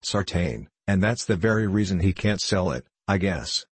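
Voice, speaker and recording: A sly old innkeeper in a storybook reading, as a man puts him on, drawling in a rustic way and clipping his word endings. The voice is low and husky, heard close and dry. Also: lively intonation, normal speed, no echo.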